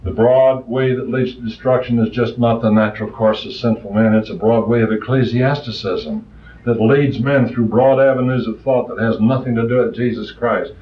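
A man preaching a sermon with passion, his voice swinging between loud rises and soft, quiet asides. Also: mid-range voice, normal speed. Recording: distant, roomy, muffled old recording.

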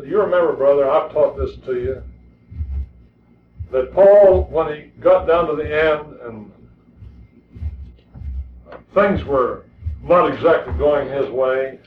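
A man's voice: fairly high pitch, a little hiss or hum. A man preaching a sermon in an earnest, emphatic way, often repeating words as he presses a point. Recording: distant, echoey, tinny lo-fi recording.

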